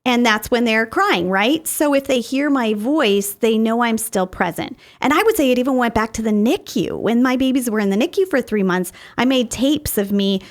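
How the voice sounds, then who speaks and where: A middle-aged woman talks as a counseling guest on a podcast, fairly high-pitched for a woman. She walks through her points with homely examples from family life, in a patient, explanatory way. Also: animated, moderate pace, hardly any pauses. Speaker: guest therapist. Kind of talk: podcast interview.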